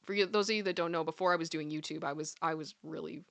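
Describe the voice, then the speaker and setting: Woman chatting live on her show, giggly, repeats herself, kinda sharp bright tone. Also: low-pitched, steady tone, quick pace, vocal fry. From Canada. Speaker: commentary show host. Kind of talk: casual live chat reading comments.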